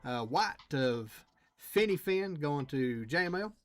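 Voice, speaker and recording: A man's voice: a little high, lively intonation, takes it slowly. A man hosting a trading card break livestream, chatting casually with viewers and reading out the cards he pulls. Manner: chatty, reads out cards and talks to chat.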